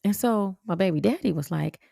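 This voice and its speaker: A woman, telling personal stories as a podcast host in a blunt, animated way, swearing freely and jumping into sharp high exclamations. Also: a little fast, creaky, no echo, clean studio sound. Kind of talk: casual storytelling monologue.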